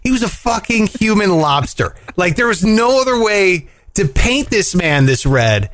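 A man's voice: high voice, unhurried, no room sound. A young man, married, telling a funny story in casual chat, full of "like" and "dude". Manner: animated storyteller, swearing, lots of "like" and "dude". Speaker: podcast co-host.

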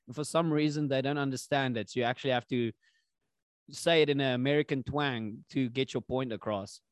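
A man's voice: mid-range voice, fairly even intonation, brisk, clean tone, no room sound, studio quality. A man hosting a podcast in a playful, upbeat casual chat. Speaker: podcast host.

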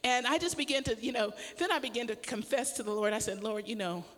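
A woman's voice: a little high, fast. Laughing woman pastor, reverberant. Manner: animated storytelling with frequent laughter. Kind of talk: casual sermon with personal story.

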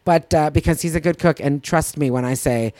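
A woman's voice: low-pitched, fairly quick, dark tone, no echo. A woman co-hosting a podcast, chatting casually and gushing as she tells a story. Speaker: podcast co-host. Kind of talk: casual chat.

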